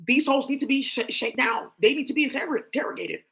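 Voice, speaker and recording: A woman hosting a tarot stream, talking in a blunt, profane, animated rant, often talking to herself. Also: high voice, fast, creaky. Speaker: tarot livestream host. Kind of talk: casual ranting monologue.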